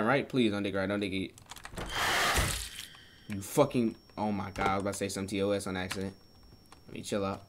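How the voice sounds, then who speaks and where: A young man streaming a game, chatting casually with viewers in loose slang, joking and swinging between loud excited bursts and low mutters. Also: slight background noise. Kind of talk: casual live-stream chat while gaming.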